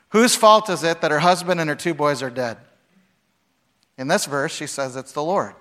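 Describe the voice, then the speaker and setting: A middle-aged pastor with a fairly bright, somewhat high voice preaches a casual sermon. He reads scripture and sprinkles in humorous asides and rhetorical questions.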